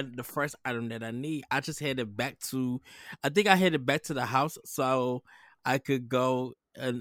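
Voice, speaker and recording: A man co-hosts a relaxed chat, speaking hesitantly and often restarting his sentences. His voice sits at a middle pitch in a dry, dead-sounding space. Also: dry recording. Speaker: podcast co-host. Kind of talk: casual chat about a video game.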